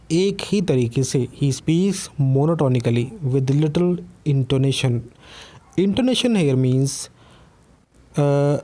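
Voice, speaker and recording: A man teaching newspaper vocabulary, switching between Hindi and English and reading example sentences slowly. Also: mid-range voice, mellow. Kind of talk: vocabulary lesson.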